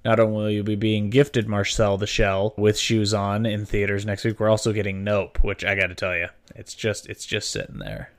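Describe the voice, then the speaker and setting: Teasing low-voiced man podcast host. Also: moderate pace, hardly any pauses. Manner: teasing, playful banter. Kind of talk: casual chat.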